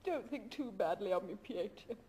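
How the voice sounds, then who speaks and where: An actress playing an emotional middle-aged aristocratic woman in a 1970s stage drama, swinging between tender coaxing and shrill mockery. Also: animated, moderate pace, darkish tone, natural voice. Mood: wistful.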